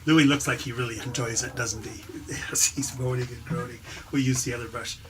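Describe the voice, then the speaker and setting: A man showing off his dog's pretend tricks in playful deadpan patter, laughing between lines. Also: medium pitch, brisk, noisy background. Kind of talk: playful show-and-tell to camera.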